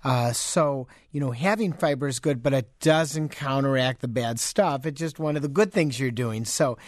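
A man's voice: mid-range voice, moderate pace, no room sound, studio quality. A man co-hosting a radio health call-in show, explaining in a chatty, folksy way.

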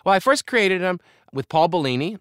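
A man's voice: high-pitched, sing-song, a little fast, fairly bright tone, no room sound, clean studio sound. An older man, a comedian and author, telling candid, reflective stories as an interview guest. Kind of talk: conversational interview.

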